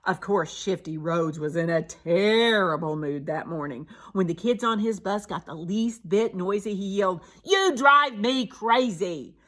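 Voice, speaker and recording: A woman reading a children's picture book aloud, expressive and animated. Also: on the low side, moderate pace, hardly any pauses. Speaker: storybook reader.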